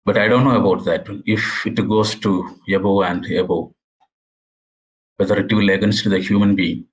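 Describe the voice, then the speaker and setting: Man, low voice, lecturing, halting with restarts, earnest. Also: fairly even intonation, slight background noise, poor audio. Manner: halting, with frequent restarts and repeated words; earnest and explanatory. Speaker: university lecturer. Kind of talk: academic lecture.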